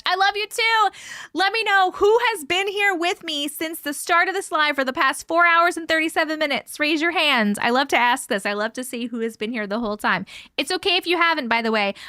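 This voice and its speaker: A woman's voice: on the high side, sharp tone, no echo, clean studio sound. A young woman from the United States hosting a live stream, chatting casually, swearing freely, laughing often and filling her talk with "like.". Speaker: livestream host. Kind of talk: casual live chat reading viewer comments.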